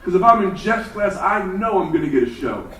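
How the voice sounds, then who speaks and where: A man's voice: high-pitched, very animated, fairly quick, voice pushed up. A man doing a giddy, eager teenage classmate. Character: excited teenage classmate hoping for a show. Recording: roomy hall from far off.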